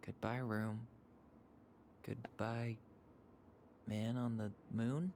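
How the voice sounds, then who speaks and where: An actor playing a young adult man in a video game, talking quietly and wistfully as he leaves his old home. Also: mid-range voice, little pitch movement, drawn-out words, slight background noise.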